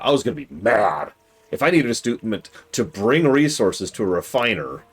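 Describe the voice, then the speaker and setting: Exasperated low-voiced man scolding onscreen characters. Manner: swings from loud outbursts to muttering. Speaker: streamer. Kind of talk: live gameplay commentary.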